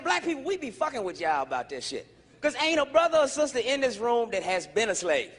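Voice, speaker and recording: A male stand-up comedian on stage, profane and animated, shouting his punchlines. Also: very high voice, a little hiss or hum. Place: comedy stage before a live audience. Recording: live show with loud crowd laughter.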